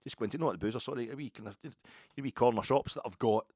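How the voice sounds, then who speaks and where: This football podcast host, a middle-aged man from Glasgow, Scotland, rambles through casual stories with plenty of jokes and asides in a Glaswegian Scottish accent. He speaks quickly at a medium pitch, his voice slightly rough. There's no echo, and the sound is studio-clean.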